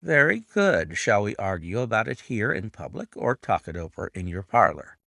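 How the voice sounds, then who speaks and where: A man's voice: fairly low pitch, sing-song, moderate pace, vocal fry, sharp tone, dry recording, studio quality, full character voice. A man doing a cool, assured detective. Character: calm, clever male detective, cool and assured.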